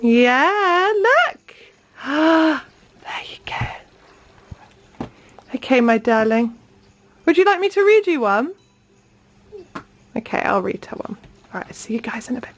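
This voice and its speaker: Mum, high bouncy voice, sing-songy with her toddler, bit of faint hiss. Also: very animated, normal speed, long pauses. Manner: sing-song talk to a toddler. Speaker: vlogger and mum. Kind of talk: casual home vlog.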